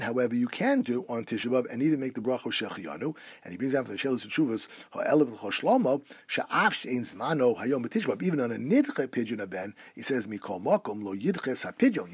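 A man's voice: mid-range voice, slightly rough, dry recording. A man teaching a class on Jewish law, reading rabbinic phrases aloud and then translating them. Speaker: Torah teacher.

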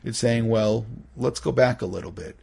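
A middle-aged man teaching a Torah study class, animated, acting out little dialogues and restarting his sentences often. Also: medium pitch, normal speed, vocal fry, husky.

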